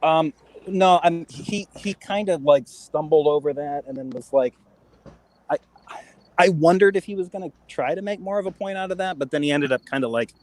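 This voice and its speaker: A man's voice: a little high, darkish tone, no echo. A man taking part in a casual online call about a debate he was in, hesitating and correcting himself as he talks. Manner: hesitant, searching, self-correcting.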